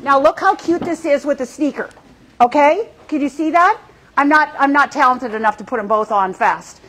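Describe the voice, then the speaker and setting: A woman's voice: high voice, moderate pace, a bit bright, low-quality recording. A middle-aged woman hosting a live fashion show, gushing and effusive as she shows off outfits.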